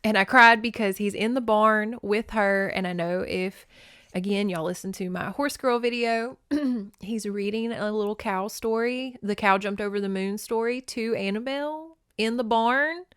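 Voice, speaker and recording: A woman's voice: mid-range voice, normal speed, fairly bright tone, clean tone, dry recording, clean studio sound. A woman hosting a casual movie-recap podcast, chatty and emotional, swearing freely. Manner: chatty, swears, laughs and tears up. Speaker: podcast host.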